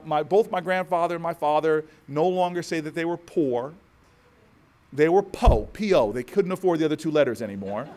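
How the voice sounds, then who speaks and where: A man from New Jersey giving an inspirational keynote speech, oratorical with rhythmic repetition and humorous asides. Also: on the high side. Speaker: keynote speaker.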